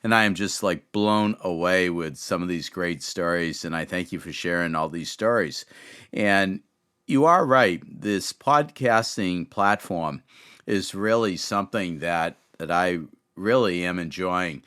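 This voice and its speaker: Man with a really deep voice, hosting a podcast chat, earnest and wordy. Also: unhurried, fairly bright tone, clear, resonant tone. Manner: earnest, wordy praise for the guests. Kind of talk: casual chat.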